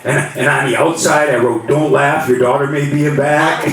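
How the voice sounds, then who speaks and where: A man's voice: fairly high pitch, steady tone, normal speed. A middle-aged man doing a stand-up comedy set, telling rambling stories and acting out the voices of the people in them. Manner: rambling storytelling, acts out voices. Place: comedy club stage. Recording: roomy hall, mic from a distance, loud crowd. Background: audience laughter.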